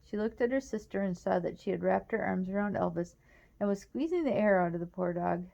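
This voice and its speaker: A woman reading a children's novel aloud in a plain, steady storytelling manner. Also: medium pitch, fairly quick, creaky, highs cut off. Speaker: reader.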